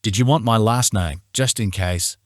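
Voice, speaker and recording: A man's voice: fairly low pitch, moderate pace, no echo, studio quality, natural voice. A man voicing a cool, unbothered young man. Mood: casual, unfazed. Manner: casual, calm, unfazed.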